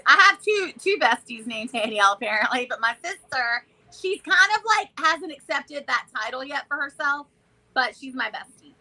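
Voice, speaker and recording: Bright high-voiced Southern woman chatting. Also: moderate pace, low-quality recording. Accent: Southern American. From American South. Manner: animated, chatty, loud exclamations and laughs. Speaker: vlog co-host. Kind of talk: casual chat.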